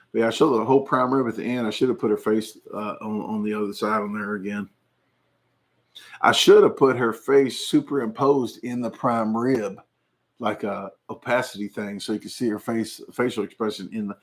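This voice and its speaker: With a lowish, creaky voice at normal speed, a channel host chats through viewer comments in a casual livestream. He rambles, jokes a lot and laughs often.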